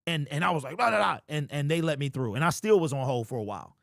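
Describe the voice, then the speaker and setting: A man's voice: on the high side, lively intonation, fast talker, no room sound, clean studio sound. A young man hosting a sports livestream, ranting in disbelief and reading viewer comments. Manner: exasperated, incredulous, repeats himself. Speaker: sports show host. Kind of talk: livestream sports rant, reading super chats.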